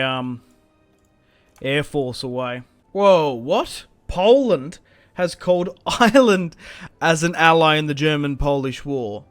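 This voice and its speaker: Excitable young man thinking aloud. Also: on the high side, dry recording. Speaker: gaming channel host. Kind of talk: live strategy game commentary.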